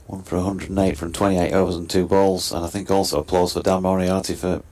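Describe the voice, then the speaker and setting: Man, very deep voice, live cricket commentary, steady wry delivery. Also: fast. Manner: steady, wry, describes play and scene.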